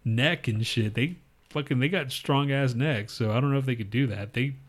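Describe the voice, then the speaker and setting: A man's voice: medium pitch, moderate pace. A man co-hosting a podcast who rambles through crude jokes, swears a lot, and reads trivia facts aloud in casual banter. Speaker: podcast co-host.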